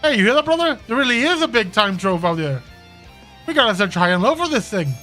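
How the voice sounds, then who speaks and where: A man voicing a jittery, excitable young pirate lackey in a fan voice-over of game dialogue. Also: sits high, fast talker, soft background music, full character voice.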